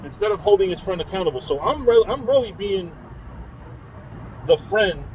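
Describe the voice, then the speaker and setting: A man's voice: high-pitched, animated, moderate pace, a little mellow, a little hiss or hum, poor audio. A man speaking in a casual monologue as a religious community speaker, talking bluntly with frequent swearing and repeating words as he builds his point.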